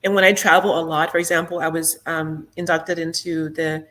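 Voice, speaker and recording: A middle-aged woman talking as a podcast guest in a casual interview, reflective and soft-spoken, with many fillers. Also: deep voice, little pitch movement, moderate pace.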